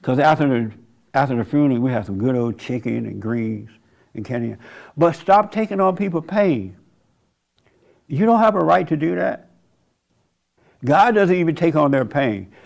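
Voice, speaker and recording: Gravelly older man preaching casually. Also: fairly high pitch, animated, moderate pace, pauses often, a little mellow. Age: 70s. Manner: laughing often, mocking; folksy, conversational. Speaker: church host. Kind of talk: sermon monologue.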